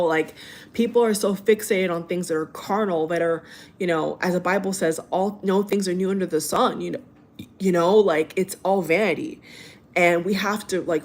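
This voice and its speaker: A woman in her late twenties speaks in a somewhat low voice, telling a personal memory to her viewers. She is earnest and emotional, and she keeps restarting and repeating her phrases as she searches for the right words. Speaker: spiritual channel host. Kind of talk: heartfelt personal monologue.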